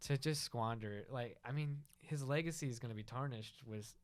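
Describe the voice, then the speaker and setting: A man co-hosting a casual podcast, laid-back and measured, often answering with short affirmations. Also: medium pitch. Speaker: podcast co-host.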